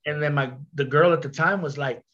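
A man telling a story on a podcast in a casual, animated way, full of slang, repeats and restarts. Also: on the high side, fairly quick, highs cut off.

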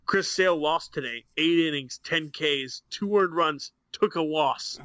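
A young man talking sports on a webcam podcast, swearing freely as he vents about his teams. His voice sits a little high and the sound is dry with no room echo. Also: unhurried, a bit bright, clean tone. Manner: profane, heated, ranting. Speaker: podcast co-host. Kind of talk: casual sports chat.

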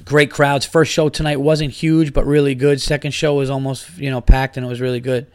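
A man hosting his own podcast, a stand-up comic rambling and swearing, working himself up into loud rants. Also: medium pitch, little pitch movement, brisk, clean tone, no room sound, clean studio sound. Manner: rambling, profane, gets worked up and loud. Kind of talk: casual solo podcast rant.

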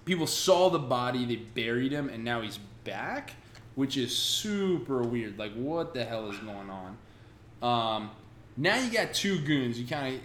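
A man casually recapping a comic book with friends, acting out characters in quick bursts. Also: mid-range voice. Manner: animated retelling, acts out characters in quick bursts. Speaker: podcast co-host recapping a comic. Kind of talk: casual chat. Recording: roomy sound with faint noise.

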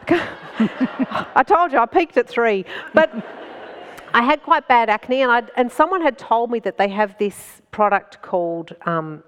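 A middle-aged woman spins self-mocking comic stories at a festival talk. Her voice sits a little high, and she laughs her way through the punchlines in an animated, chatty flow. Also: clean tone, long reverb tail. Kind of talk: comic storytelling to a live audience. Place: festival stage before an audience.

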